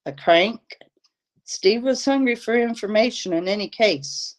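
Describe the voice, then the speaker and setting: A woman reading a novel aloud, telling the story in a steady, deliberate way. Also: lowish voice. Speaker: audiobook reader, channel host.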